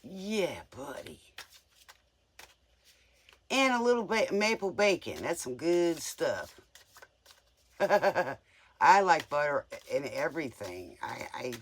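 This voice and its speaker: A man's voice: fairly high pitch, fairly bright tone. A man giving a casual live tarot reading in a playful, joking way, often giggling. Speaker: tarot reader.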